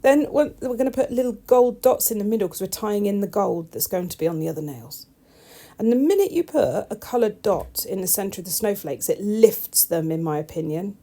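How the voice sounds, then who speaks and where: A woman's voice: medium pitch, expressive, a little fast, dark tone. A woman, a nail technician, chatting casually over her tutorial with wry, self-deprecating asides.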